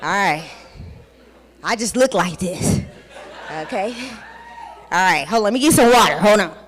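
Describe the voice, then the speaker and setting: A woman, giving a loud, rowdy motivational talk on a conference stage, cussing and hyping the crowd. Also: medium pitch, lively intonation, normal speed. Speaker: conference speaker. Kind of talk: hype-style motivational talk. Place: large conference hall with music playing. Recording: hall reverb, from a stage mic.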